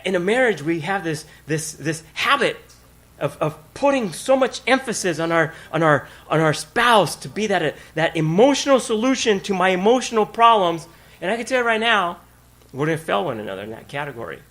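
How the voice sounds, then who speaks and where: A man's voice: high voice, very animated, fairly quick, a bit bright. A male pastor preaching a sermon, emphatic and conversational, repeating key words and putting questions to the congregation. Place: church.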